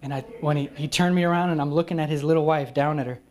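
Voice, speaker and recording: A man preaching as a guest speaker at a retreat, telling a personal testimony and slowing down for soft, emphatic phrases. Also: on the high side, steady tone. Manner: acts out quoted people in whispers and raised voices. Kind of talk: sermon storytelling at a retreat.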